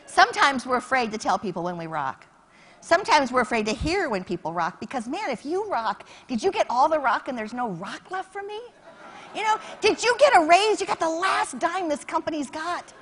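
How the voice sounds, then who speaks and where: A middle-aged woman with a high voice gives a brisk, lively storytelling keynote on a conference stage. She acts out phone calls and shouts her punchlines.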